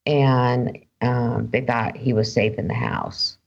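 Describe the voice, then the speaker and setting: A woman radio host who speaks softly and emotionally, reacting to a guest's story. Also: very deep voice, little pitch movement, creaky. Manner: slow, soft-spoken, emotional. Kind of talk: radio interview. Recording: dull lo-fi broadcast audio.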